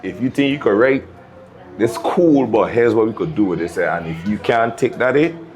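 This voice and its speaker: Deep-voiced Virgin Islands man, laid-back. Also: moderate pace, a little mellow, soft background music. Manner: laid-back, tags lines with "you check?", laughs often. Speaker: DJ and music producer. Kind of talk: casual interview storytelling.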